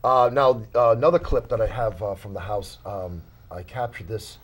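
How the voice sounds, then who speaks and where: Man, low voice, husky, animated, lots of fillers, studio interview. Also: moderate pace. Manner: animated storyteller, many fillers and restarts. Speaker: paranormal investigator guest. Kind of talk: casual interview storytelling. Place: small studio.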